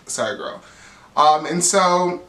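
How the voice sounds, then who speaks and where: A man's voice: a little high, takes it slowly, roomy sound, far from the mic. Gossipy man recapping reality TV. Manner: gossipy and animated, acts out quotes with laughs. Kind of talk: casual recap commentary.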